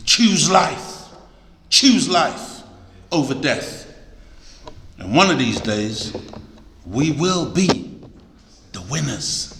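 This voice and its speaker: A man's voice: a little high, sing-song, very slow, fairly bright tone, a little hiss or hum. A man preaching a sermon to a congregation, emphatic and exhorting, repeating key words for stress. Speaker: preacher, lecturer. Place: large echoey hall. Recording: echoey hall with long reverb.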